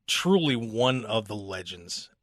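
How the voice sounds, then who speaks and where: A man's voice: on the low side, lively intonation, slow. A man hosting a radio show, talking in an upbeat, joking way. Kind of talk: casual radio talk. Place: radio studio.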